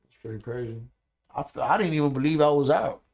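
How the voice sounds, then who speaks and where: A man's voice: fairly high pitch, quick pace. Man telling stories in a casual podcast chat. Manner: animated, profane storytelling with frequent "you know what I'm saying". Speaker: podcast guest.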